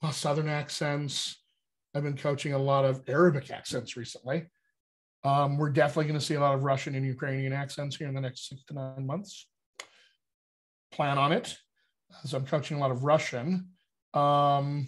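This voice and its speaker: A man's voice: medium pitch, normal speed. A man with a General American accent, a dialect coach explaining accent work in a casual video call, checking in often with "all right?". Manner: animated teaching, frequent "all right?" check-ins.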